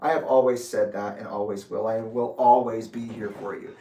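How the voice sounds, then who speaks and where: A man reading his own letter aloud with asides, in a measured, deliberate way. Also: lowish voice, steady tone, warm tone. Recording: roomy echo, distant from mic.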